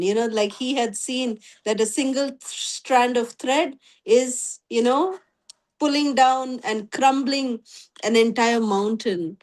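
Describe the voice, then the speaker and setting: High-voiced woman teacher; relaxed storytelling class talk. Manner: conversational, many "you know" fillers. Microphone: video call.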